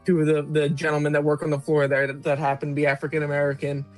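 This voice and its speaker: A man calling in to a live show, telling a story in a measured, deadpan way. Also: a little high, faint music behind. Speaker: caller. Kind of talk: phoned-in confession story.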